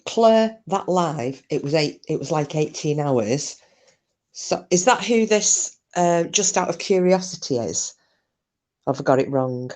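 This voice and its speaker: A woman's voice: sits low, expressive, a little slow, darkish tone. A woman hosts a casual livestream, reading comments aloud in a chatty, sweary way. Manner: chatty, sweary, laughs easily. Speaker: livestream host.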